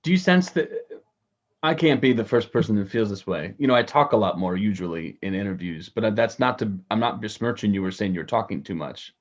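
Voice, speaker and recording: Male podcast host, low voice, halting and searching for words, muffled lo-fi sound. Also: expressive. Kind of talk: conversational interview. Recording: dull lo-fi audio.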